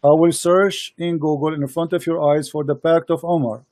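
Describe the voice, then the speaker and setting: Dark-toned man pressing hard in debate. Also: fairly high pitch, level tone, dry recording. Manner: insistent, repeats phrases, halting non-native English. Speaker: host of a live debate stream. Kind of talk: heated debate.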